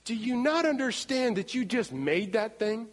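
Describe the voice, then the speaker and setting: A man's voice: extremely high pitch, lively intonation, normal speed, pitched above the performer's own voice. A man voicing an exasperated God. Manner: incredulous, scolding. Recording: long hall reverb.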